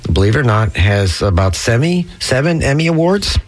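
A man in his sixties hosting a relaxed talk show, chuckling and chatting easily with his guest. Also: medium pitch, a little fast. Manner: easygoing, chuckling, backchannels. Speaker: host. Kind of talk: casual chat.

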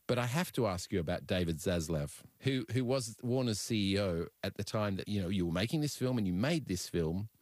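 A man with a very deep voice interviews a filmmaker, probing and slightly amused as he presses his questions. The sound is dry and close. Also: lively intonation, fairly quick, few pauses, darkish tone, no room sound.

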